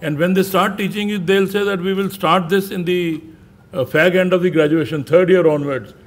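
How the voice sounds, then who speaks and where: A middle-aged man gives a formal address at an academic convention. He speaks in a discursive way, pausing often on fillers and posing rhetorical questions to the audience. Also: sits high, fairly even intonation. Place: conference hall with an audience.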